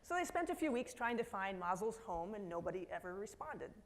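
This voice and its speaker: A middle-aged woman giving a conference keynote talk in a lively storytelling manner, slipping into quoted voices and asides to the audience. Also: medium pitch, fairly quick, noisy background. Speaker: keynote speaker. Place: conference hall.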